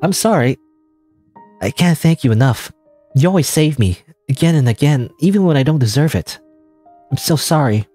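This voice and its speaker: A fragile, self-loathing teenage schoolgirl narrating her own thoughts in a game, as a man reads her aloud. Her words come apologetic and brittle, in a mellow, husky voice with wide pitch swings. Faint music sits underneath. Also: lively intonation, normal speed, pauses often.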